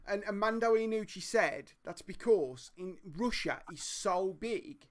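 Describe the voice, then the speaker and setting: A man's voice: high voice, unhurried. A man with a Black Country accent, telling stories and teasing friends in casual banter. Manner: animated storyteller, teasing.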